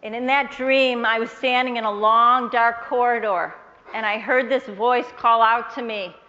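A woman telling a personal faith testimony to an audience, earnest and measured, quoting the people in her story. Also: a little high, fairly even intonation, bright, forceful tone, long reverb tail, muffled recording. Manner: earnest, measured storyteller who quotes others in her tale.

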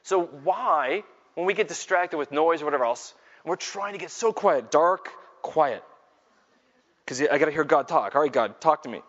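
A middle-aged man gives a lively faith talk to a full room, spinning self-mocking stories that climb into loud exclamations. His voice sits on the high side for a man, and it rings with a long reverb in a big hall. The recording is dull and lo-fi. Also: unhurried. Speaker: Catholic speaker and Scripture teacher. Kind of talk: live faith talk with storytelling. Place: large hall with a live audience.

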